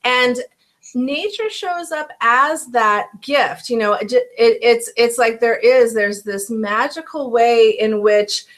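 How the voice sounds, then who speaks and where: A woman's voice: on the high side, slow, fairly bright tone. A woman, a life coach speaking as a guest, talking about nature in an earnest, reflective way. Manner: earnest, thoughtful, with many restarts. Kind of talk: reflective conversation.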